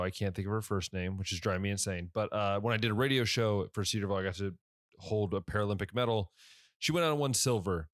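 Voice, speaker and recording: This sleepy young man from Ohio hosts a casual sports podcast solo, his lowish voice clean in a dry studio recording. Tired and yawning, he rambles through his thoughts with lots of fillers, self-corrections and restarts.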